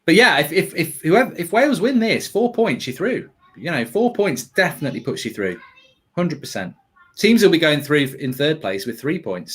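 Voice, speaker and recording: A man's voice: on the high side, big pitch swings, normal speed, a bit bright, slightly rough. A man hosting a casual football watchalong, talking in a rambling, chatty way and reading out viewer comments. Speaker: watchalong host.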